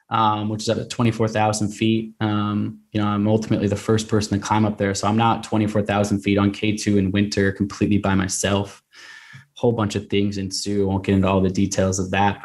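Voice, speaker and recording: A man's voice: fairly low pitch, completely flat delivery, a little fast, a little mellow. A man in his thirties, a guest on a podcast, telling a long story in an earnest, rambling way full of restarts and "like" and "man".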